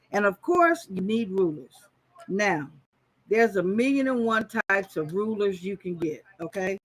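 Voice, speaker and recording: A woman hosts a live-stream quilting lesson in a casual, chatty way. She talks straight to the people in her live chat. Her voice is bright and forceful. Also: medium pitch, poor audio.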